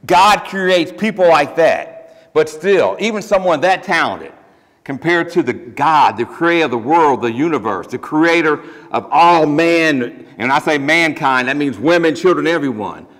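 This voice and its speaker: A man's voice: on the high side, animated, unhurried, a bit bright. A man preaching a sermon as pastor, talking in an emphatic, conversational way with plain everyday phrases. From Ohio. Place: church sanctuary. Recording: long church reverb.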